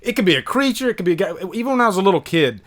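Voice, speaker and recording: A man's voice: sits high, sing-song, racing. A man hosting a casual movie discussion, enthusiastically asking his guests for their favorite moments. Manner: enthusiastic, asks guests questions. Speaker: podcast host.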